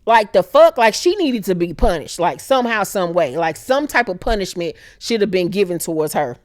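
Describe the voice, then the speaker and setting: Animated woman recapping a TV show. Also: lowish voice, normal speed, no room sound, clean studio sound. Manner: animated, acts out characters in exaggerated voices. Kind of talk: casual profane TV recap.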